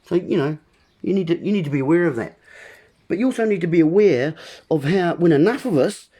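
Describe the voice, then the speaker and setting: Husky, impassioned man ranting to camera. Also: a little high, expressive, fairly quick, mellow. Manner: impassioned, emphatic wordplay ranting. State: frustrated. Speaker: vlogger. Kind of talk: solo monologue to viewers.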